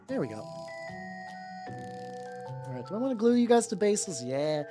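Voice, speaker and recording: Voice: medium pitch, big pitch swings, normal speed, warm tone, soft background music. A streamer chatting casually while painting miniatures, rambling with many stammered restarts and casual swearing.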